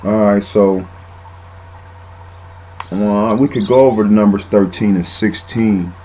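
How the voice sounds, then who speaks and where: A man's voice: fairly low pitch, steady tone, a little slow, mellow, slight background noise, poor audio. A man giving a casual, rambling bible teaching, often saying "man" and using fillers.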